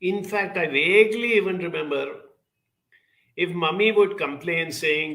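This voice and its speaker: Gravelly guy on a talk program telling a childhood story, earnest, kinda bright sharp tone. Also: a little high, unhurried. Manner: earnest, storytelling, rhetorical questions. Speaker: guest speaker.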